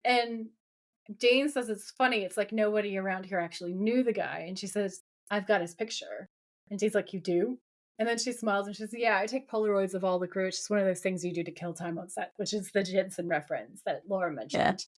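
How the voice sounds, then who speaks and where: Her voice sits in the mid range and moves a little fast. She's a podcast co-host giving an easygoing recap of a TV episode, animatedly playing out scenes through quoted dialogue.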